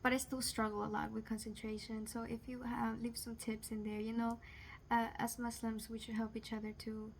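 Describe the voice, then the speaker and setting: A young woman speaks to her viewers in a loose, rambling way, with a voice sitting a little high. She fills her talk with "like" and "you know" and laughs off what troubles her. A faint hum sits behind her. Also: flat delivery, fairly quick, gravelly. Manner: rambling, many fillers, laughs off serious things. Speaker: vlogger. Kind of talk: casual confessional vlog.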